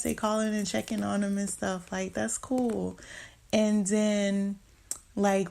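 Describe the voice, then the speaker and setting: A woman hosting her own talk show, telling a story from her life in a relaxed, conversational way. Her voice sits at a middle pitch with a slight gravelly fry. She acts out the quotes and fills her speech with "like" and "you know.". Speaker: podcast host. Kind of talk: casual storytelling.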